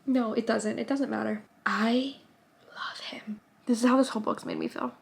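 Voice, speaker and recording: Chatty young woman, gravelly edge. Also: on the high side, fairly even intonation, fast, darkish tone. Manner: chatty, filler-heavy, drops to whispers at times. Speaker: book vlogger. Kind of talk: casual reading vlog.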